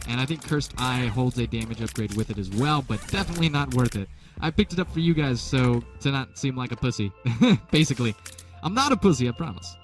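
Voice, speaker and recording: A man's voice: mid-range voice, animated, a little fast, few pauses. Rambling, jokey young man commentating gameplay. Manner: rambling, jokey, self-deprecating. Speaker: let's play commentator. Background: game music.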